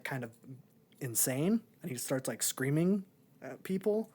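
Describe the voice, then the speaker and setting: A young man with a medium-pitched, darkish voice co-hosts a podcast. He chats casually about a movie, laid-back and meandering, filling gaps with lots of filler.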